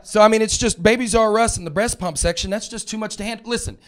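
A man in his thirties from North Alabama with a Southern drawl, rambling through a self-mocking stand-up set. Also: high-pitched. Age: 30s. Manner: drawling, rambling, self-mocking storyteller who puts on quick character voices. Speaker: stand-up comedian.

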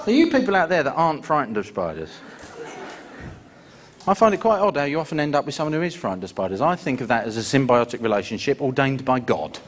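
Male stand-up comedian, theatrical storyteller, lively pitch, noisy live stage recording. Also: quick pace.

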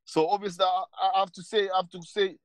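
A man's voice: high voice, little pitch movement, fast. A man ranting casually on a stream panel, rambling and full of street slang and repeated tags. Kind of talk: casual heated rant.

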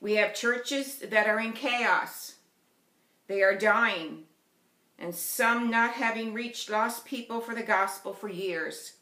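A woman's voice: a little high, takes it slowly. Woman preaching in an echoey church. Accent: Newfoundland. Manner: earnest, steady preaching delivery. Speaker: lay preacher. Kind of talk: sermon with storytelling. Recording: roomy church echo.

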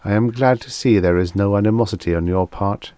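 A man voicing a calm, polite alien envoy who speaks softly with a lisp, in a formal, measured way. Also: fairly low pitch, dry recording, lightly acted. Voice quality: soft lisp.

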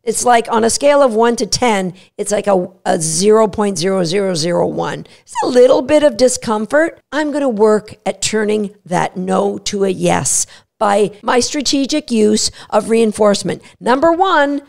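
A woman hosting a podcast on dog training, talking energetically and acting out the dog's voice in quick asides. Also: mid-range voice, animated, vocal fry, a little mellow. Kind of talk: solo podcast teaching.

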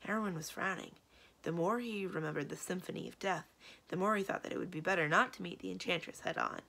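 A woman librarian reading a children's book aloud in an expressive storytelling voice. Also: lowish voice, fast talker, gravelly. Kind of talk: children's read-aloud narration.

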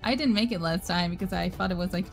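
A woman's voice: lowish voice, fast, gravelly, faint music behind. A young adult woman playing as a guest in casual gameplay banter, giggling often. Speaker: guest co-player.

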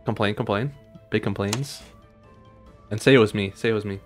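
A young man streaming a roleplay game, swearing, laughing and shouting in casual gaming banter. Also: lowish voice, normal speed. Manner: profane, laughing, loud outbursts. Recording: game audio with music behind.

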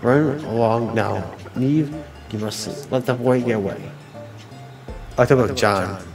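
A man reads on-screen game dialogue aloud at a slow, unhurried pace. His delivery is halting, with repeated words and restarts as he works through each line. His pitch sits in an ordinary middle range. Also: over music, low-quality recording. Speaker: let's player.

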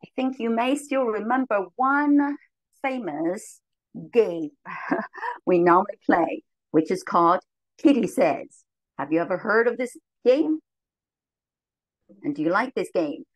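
A woman teacher trainer leads a model lesson for small children, speaking slowly and clearly with lively, cheerful intonation and big pitch jumps on commands. The recording is low quality but has no room sound.

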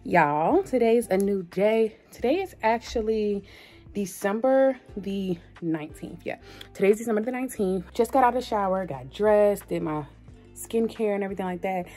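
A woman's voice: mid-range voice, expressive, normal speed, mellow, soft background music. A young woman chatting upbeat and straight to her viewers in a casual vlog, calling them y'all. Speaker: lifestyle vlogger.

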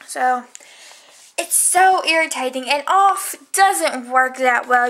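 Young girl just rambling to her camera at home at night, high voice, kinda slow. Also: a bit bright. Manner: rambling, complaining, lots of fillers. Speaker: vlogger. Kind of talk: casual chat to camera.

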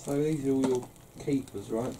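A man's voice: mid-range voice, moderate pace. A man joking around off camera with dry asides while helping a partner film. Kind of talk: casual banter. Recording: loud background noise, off-mic.

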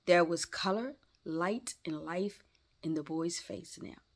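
A woman reading a classic novel aloud in a gentle storytelling way, now and then stopping to chat with her listeners. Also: on the low side, creaky. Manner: slow, gentle read-aloud with asides to listeners. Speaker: storybook reader.

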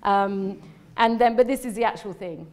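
Her voice is medium-pitched with a somewhat dark tone, moving at a moderate pace as she delivers a live slide lecture. The London speaker rambles and chats, restarts her sentences often, and laughs easily in an emotionally open way.

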